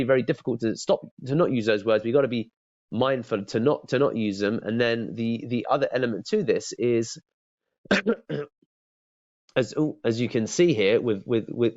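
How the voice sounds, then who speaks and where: A man's voice: mid-range voice, a little mellow, no echo, lo-fi sound. A man as a sales trainer giving a casual, chatty lesson, often stumbling and repeating his words.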